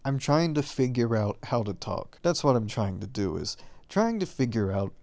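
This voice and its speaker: A young man talking quietly to himself in a casual monologue, mumbling and questioning himself while he lies on his bed with a microphone held close to his face. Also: mid-range voice, big pitch swings, moderate pace. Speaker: vlogger. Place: bedroom, lying on the bed.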